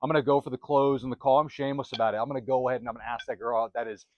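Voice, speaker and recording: A man's voice: mid-range voice, steady tone, very fast, dull audio, a little hiss or hum. A man hosting a self-help channel, giving a motivational talk to camera in emphatic, repetitive, punchy phrases on a close microphone.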